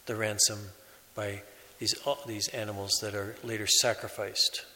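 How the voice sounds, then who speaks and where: A priest delivers a sermon in a slow, measured way, pausing between phrases. His voice is slightly low yet bright and forceful. A long church reverb trails behind every word. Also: level tone. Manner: slow, measured preaching with pauses.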